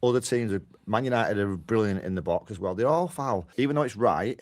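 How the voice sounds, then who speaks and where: Quick, low-voiced podcast pundit man. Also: expressive, no echo. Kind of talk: podcast football discussion.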